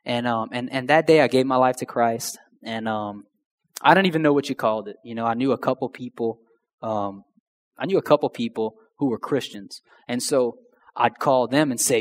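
A man's voice: medium pitch, lively intonation, fairly quick. A young man telling his personal testimony in a slangy, conversational way that addresses the crowd directly. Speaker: speaker sharing a testimony. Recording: long hall reverb.

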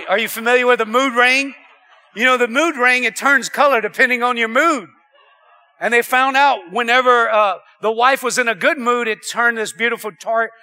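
A man preaching to his congregation. His voice sits high and rings bright and forceful, and he keeps turning to the crowd with questions as he swings between loud and hushed. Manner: animated preaching with audience call-outs. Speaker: pastor. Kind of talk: sermon.

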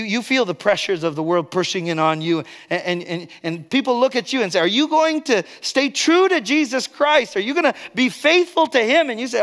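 A man preaching a sermon as pastor, earnest, swinging between loud emphatic stretches and quiet, low asides. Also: long reverb tail. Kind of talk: expository sermon.

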